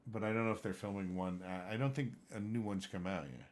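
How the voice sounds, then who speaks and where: Here a livestream gamer talks casually with his viewers in a lowish, steady voice at a brisk pace. He rambles, struggles to recall names, and gets worked up now and then.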